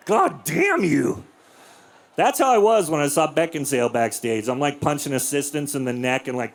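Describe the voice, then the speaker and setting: This forties-aged comedian has a voice on the high side. Performing his club set, he delivers crude tales with a deadpan face and erupts now and then into loud character voices.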